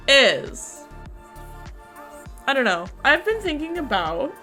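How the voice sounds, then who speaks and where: Lively, bright-voiced young woman streamer. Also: a little high. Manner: giggly, chatty, bursts into shrieking laughter. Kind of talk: casual stream chat.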